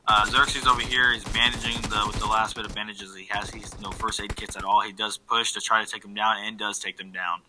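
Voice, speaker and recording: A man giving relaxed play-by-play commentary on an online game match, full of fillers and quick self-corrections. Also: fairly low pitch, over music, low-quality recording. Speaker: esports caster.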